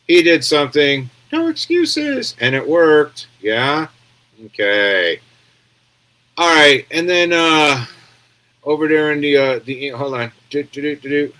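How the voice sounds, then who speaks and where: A man's voice: on the high side, measured pace, pushed and bright, poor audio. An American man giving casual live-stream news commentary, rambling and sarcastic, reading viewer comments aloud from home.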